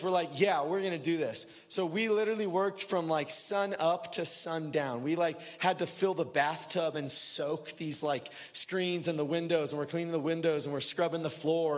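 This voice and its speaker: A young man preaching a sermon in a casual way, telling a personal story, full of fillers, swinging from loud bursts to hushed, quiet lines. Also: on the high side. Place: church hall. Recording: long hall reverb.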